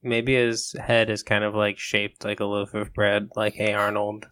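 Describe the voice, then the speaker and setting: A man co-hosting an improvised comedy podcast, making hesitant deadpan suggestions in casual chat. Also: lowish voice, measured pace.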